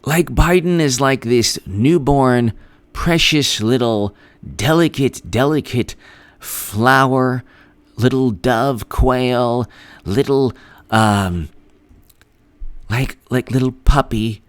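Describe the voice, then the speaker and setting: Sarcastic man, slow mocking commentary. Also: medium pitch, smooth. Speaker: political commentary host. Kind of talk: live-stream political commentary.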